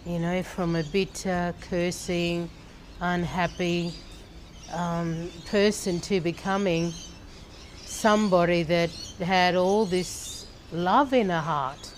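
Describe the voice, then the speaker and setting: A woman's voice: on the low side, fairly even intonation, a little hiss or hum. A middle-aged Australian woman from a church leadership team, sharing a personal faith testimony in an earnest, storytelling way. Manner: slow, earnest storytelling with pauses and laughs.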